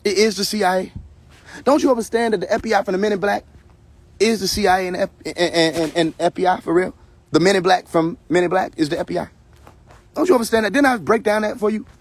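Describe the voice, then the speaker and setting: The voice sits high and moves fast, with no room sound, as a man streams live from his phone. He rants casually but heatedly, preaching and picking fights, cursing constantly and repeating himself.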